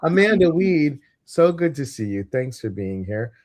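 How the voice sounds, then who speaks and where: A man's voice: fairly high pitch, very animated, a little slow, darkish tone. A middle-aged man hosting a live stream, chatting casually and jokingly and greeting viewers by name. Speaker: host.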